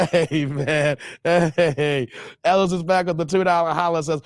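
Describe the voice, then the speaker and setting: A man's voice: on the high side, steady tone, slow, long pauses, very noisy. A man hosting a casual livestream, thanking donors and reading chat, playful and laughing often.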